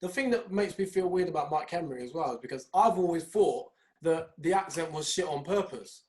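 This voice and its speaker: A man's voice: a little high, brisk, a little mellow. A young man co-hosting a podcast, earnest and hesitant in casual chat. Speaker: podcast co-host.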